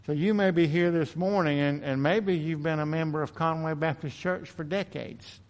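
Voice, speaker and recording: A man's voice: on the high side, fairly even intonation, moderate pace. Man, pastor mid-sermon, earnest and confessional, stumbling into repeats for emphasis, reverberant sanctuary. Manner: earnest, self-confessing, repeats words when building emphasis. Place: church sanctuary.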